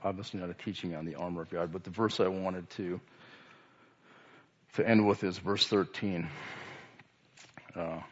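Halting man giving a casual sermon. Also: sits low, fairly even intonation, slightly rough, dull audio. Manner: halting, many restarts and fillers. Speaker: lay speaker. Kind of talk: informal sermon.

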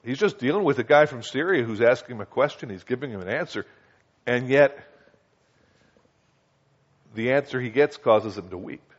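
A man preaching a conversational Bible teaching, often checking in with his listeners and slowing down to read scripture. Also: expressive. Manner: conversational, asks listeners "Okay?" and "do you understand?"; reads scripture slowly and acts out quoted voices higher. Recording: dull lo-fi recording.

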